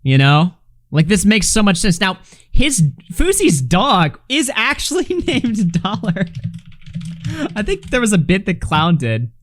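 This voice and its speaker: A man's voice: high voice, wildly swooping pitch, a little slow. A man live-streaming a casual reaction, swearing freely, laughing and reading chat messages aloud. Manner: loose, profane, laughing, reads chat aloud.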